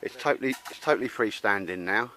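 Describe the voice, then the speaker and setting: This Cockney man has a fairly low voice and talks in a loose, chatty way, throwing "mate" into nearly every sentence. He is recorded outdoors and sounds laddish and relaxed as he walks through his camping gear. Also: quick pace, a little hiss or hum. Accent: London Cockney. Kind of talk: casual outdoor demonstration. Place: outdoors at a campsite.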